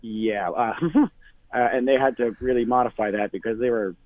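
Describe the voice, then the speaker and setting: A bar owner talking casually on the phone, full of fillers and restarts. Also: male voice, medium pitch, normal speed, no echo. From Canada. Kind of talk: phone interview. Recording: tinny phone line.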